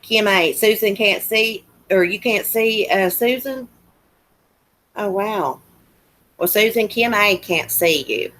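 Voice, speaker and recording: A livestream host with a Southern US accent chats casually and answers comments in a countrified drawl. Her voice is mid-range and fairly bright, and she talks slowly.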